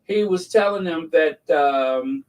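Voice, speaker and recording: Slow-talking, rambling man, distant mic. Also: fairly high pitch, darkish tone. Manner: rambling, mocking, laughs at his own jokes. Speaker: channel host. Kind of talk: casual gossip commentary.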